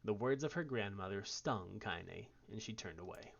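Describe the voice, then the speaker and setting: A man streamer reading story text aloud in an expressive way. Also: on the low side, moderate pace, vocal fry, dull audio.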